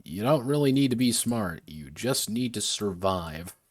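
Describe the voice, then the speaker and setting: Brief: deep-voiced man, designer thinking aloud on stream, mutters and second-guesses himself, dry close sound. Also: expressive, a little slow, dry recording, faint music behind. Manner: muttering, self-correcting, casual swearing. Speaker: game designer streaming his work. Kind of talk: thinking aloud while designing a tabletop game.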